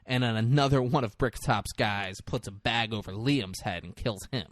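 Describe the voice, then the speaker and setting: Man, podcast co-host, casual film recap, animated storytelling, dry close sound. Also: on the low side, moderate pace, no room sound. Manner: animated retelling with lively acted-out quotes. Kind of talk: casual chat.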